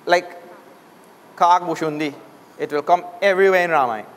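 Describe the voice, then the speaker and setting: Guy from trinidad teaching a language class, high voice, lots of hall echo. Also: moderate pace, a bit bright. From Trinidad and Tobago. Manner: drills sounds aloud for students to repeat. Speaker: Sanskrit teacher. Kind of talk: classroom lesson. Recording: long hall reverb.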